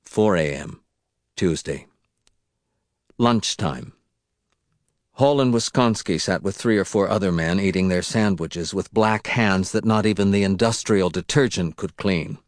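A man narrating an audiobook in a measured, deliberate reading. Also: deep voice, dry recording, studio quality.

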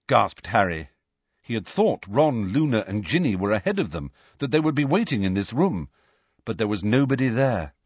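Expressive, husky male audiobook narrator. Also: fairly low pitch, moderate pace, no room sound. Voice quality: expressive, dramatic reading. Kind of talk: scripted narration. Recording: dry, slightly muffled audio.

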